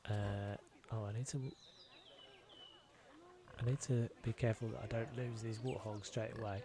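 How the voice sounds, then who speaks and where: A man's voice: lowish voice, little pitch movement, normal speed, crowd noise. A man giving casual, self-deprecating commentary as he plays, thinking aloud and muttering to himself. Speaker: gameplay video creator.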